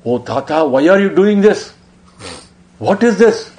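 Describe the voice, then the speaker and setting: A man's voice: medium pitch, animated, moderate pace, darkish tone, natural voice. A man voicing a young prince who pleads in tears, desperate and sobbing. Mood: pleading.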